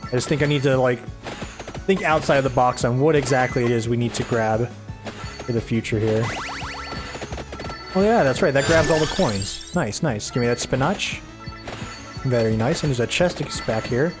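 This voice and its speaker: A man giving casual, rambling gameplay commentary, sounding tired, a little raspy and short of breath, with a soft, somber tone. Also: mid-range voice, normal speed, pauses often. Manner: rambling, chatty, self-deprecating. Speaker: gaming video host. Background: game music.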